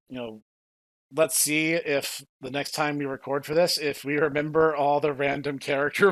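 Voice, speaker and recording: A young man hosting a podcast in casual chat, lively and quick to laugh, often stumbling over his words. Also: on the high side, dry recording. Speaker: podcast host.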